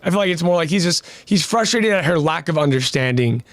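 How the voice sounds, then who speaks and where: A man co-hosting a casual podcast discussion, chiming in with short agreements and loud, high-pitched acted-out quotes. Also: animated, a little fast, no echo. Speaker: podcast co-host.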